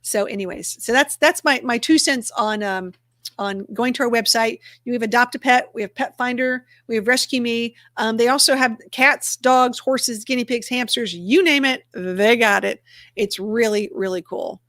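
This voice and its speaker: A woman's voice: on the high side, normal speed, a bit bright, dry recording, clean studio sound. A woman hosting a casual livestream, chatty and upbeat, talking through each click as she shares her screen. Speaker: livestream host for a dog rescue community.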